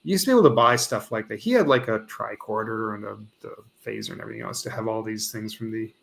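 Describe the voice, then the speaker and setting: A man with a gravelly, fry-heavy voice talks casually on a podcast. He rambles and often stops to search for the right word. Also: fairly low pitch, quick pace, a bit bright. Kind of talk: casual chat.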